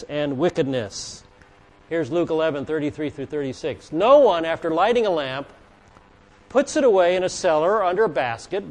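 A man's voice: a little high, darkish tone. A man teaching a Bible lesson in a conversational way, reading scripture aloud with emphasis and questioning and joking with his listeners. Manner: asks the audience questions and jokes with listeners.

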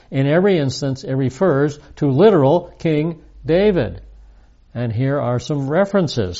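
A man giving a recorded Bible lesson, reading verses aloud with emphasis and explaining them in a measured teaching manner. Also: mid-range voice, mellow, lo-fi sound.

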